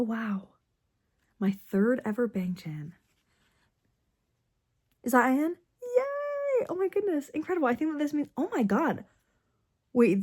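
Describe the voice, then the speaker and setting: Unboxing albums for her casual book and K-pop vlog, this young woman gushes, gasps, and shifts from squeals to whispers. She has a fairly high, slightly mellow voice, and the audio is a bit rough.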